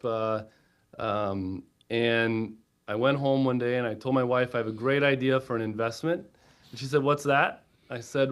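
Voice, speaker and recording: Male guest, mid-pitched, animated storyteller, frequent "right?" tags. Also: clean tone. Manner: energetic storyteller, quotes himself and wife, lots of "right?". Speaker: guest, platform co-founder. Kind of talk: podcast interview.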